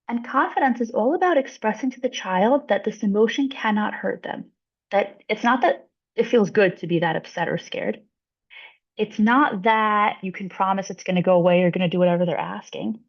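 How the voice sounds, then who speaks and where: A woman psychologist presenting a webinar, explaining clearly and acting out short example lines. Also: mid-range voice. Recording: dull lo-fi webinar audio.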